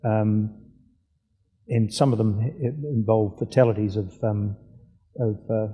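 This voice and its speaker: A man interviewing an author on stage at a book festival, speaking haltingly with many fillers. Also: lowish voice, steady tone, slightly rough. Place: festival venue hall. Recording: dull reverberant hall sound.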